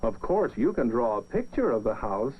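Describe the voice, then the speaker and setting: Lively sing-song male storybook narrator. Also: medium pitch, moderate pace, a little hiss or hum. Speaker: narrator of an old children's film. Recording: dull lo-fi film soundtrack with music.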